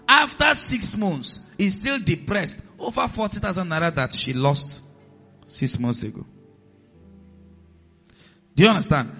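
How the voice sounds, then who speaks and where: Male pastor, bright animated preaching voice, slightly muffled recording. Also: high-pitched. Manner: animated preaching, acts out voices in the stories, drops to a hiss for commands. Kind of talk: sermon. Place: church hall with a congregation.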